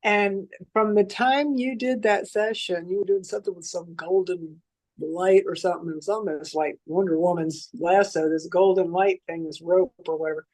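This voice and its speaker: A woman, a psychic reader, chatting casually and telling stories in an animated way, acting out the voices in them. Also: fairly low pitch, moderate pace. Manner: animated storyteller who acts out the voices in her stories. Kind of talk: casual conversation.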